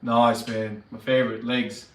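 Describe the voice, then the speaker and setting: A man's voice: medium pitch, flat delivery, a little slow. A man chatting casually on a livestream, upbeat and greeting viewers by name. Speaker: fitness vlogger. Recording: echoey room, mic at a distance.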